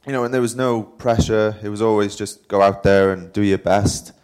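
Low, flat-voiced man. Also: normal speed, clean tone. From Wales. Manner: rambling, self-deprecating, with filler words. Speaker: interview guest, professional cyclist. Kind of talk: casual storytelling at a live talk.

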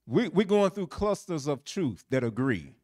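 A man's voice: a little high, big pitch swings, moderate pace, a little mellow. A man teaching a Bible lesson, quizzing listeners with fill-in questions and repeating phrases for emphasis.

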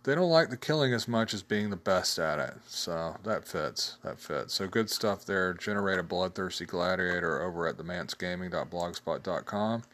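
A man's voice: low-pitched, lively intonation, normal speed, hardly any pauses, fairly bright tone. A man casually hosting a solo talk show, reading tabletop game tables aloud, chatty and laughing at his own jokes. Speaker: host reviewing tabletop game blogs.

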